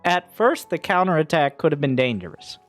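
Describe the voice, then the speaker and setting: A man casting a strategy game match, joking around and getting loud and excited at big plays. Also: fairly high pitch, fairly quick, soft background music. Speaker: esports caster. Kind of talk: game commentary.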